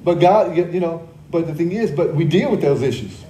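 A man preaches a sermon in a slightly high, mellow voice. He repeats key phrases, quizzes the congregation and adds joking asides. His voice rings through a roomy church. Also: expressive, brisk, slight background noise. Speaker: pastor. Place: church service.

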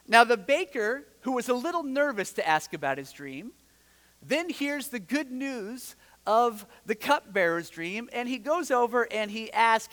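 Animated high-voiced pastor preaching. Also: male voice, normal speed. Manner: animated storytelling, acts out the characters' lines. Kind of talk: sermon. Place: church sanctuary. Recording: church hall with long reverb.

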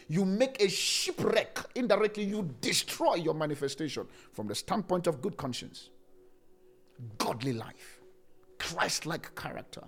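Emphatic preaching pastor, a man. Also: on the high side. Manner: emphatic, repeats key phrases slowly, swings from loud to quiet. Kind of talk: sermon.

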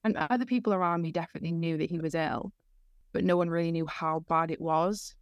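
A woman's voice: sits low, fairly even intonation, fast, smooth, no echo, muffled recording. A young woman at university, telling her story in casual podcast chat, earnest and full of "like"s. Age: young adult. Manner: earnest storytelling, many fillers like "like". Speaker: university student guest.

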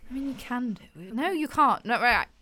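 A woman's voice: on the high side, expressive, a little fast, pushed and bright. Young woman hosting a podcast. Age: young adult. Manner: teasing, chatty. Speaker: podcast host. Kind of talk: casual podcast chat.

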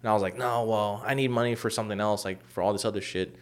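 A young man in casual chat, telling a long story with many fillers and profanity, acting out quoted lines loudly. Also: on the low side, steady tone, fast.

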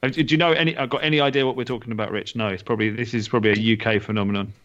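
Male podcast co-host, casual and halting, stumbles over words, dull lo-fi sound. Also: mid-range voice, fairly even intonation, a bit bright. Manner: halting, repeats words, good-humoured. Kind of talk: casual chat. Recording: muffled lo-fi audio.

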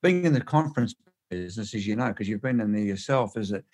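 A man's voice: fairly low pitch, animated, fast talker, darkish tone. A man, a guest in an interview, telling anecdotes in an emphatic way, often repeating words and restarting phrases. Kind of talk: animated anecdotal storytelling.

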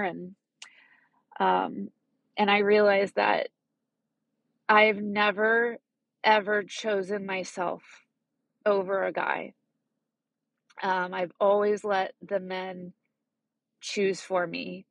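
Husky, gravelly-voiced woman in her thirties. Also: mid-range voice, level tone, no echo. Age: 30s. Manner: tearful, halting, many restarts. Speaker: vlogger. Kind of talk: emotional personal vlog. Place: parked car.

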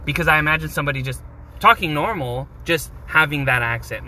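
Man, podcast host, fairly high-pitched, bright voice, crude jokes, casual banter. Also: brisk, slight background noise, poor audio. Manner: joking, crude, laughs often.

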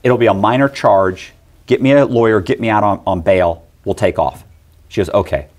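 Man telling a story, acting out voices. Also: lowish voice. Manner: animated, acts out other people's lines in quick voices. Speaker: guest telling a personal story. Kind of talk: casual storytelling.

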